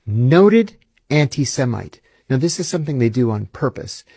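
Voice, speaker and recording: Husky-voiced man telling stories in an interview. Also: mid-range voice, quick pace, no echo. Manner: animated, acts out quoted dialogue. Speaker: interview guest, former intelligence officer. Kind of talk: conversational interview storytelling.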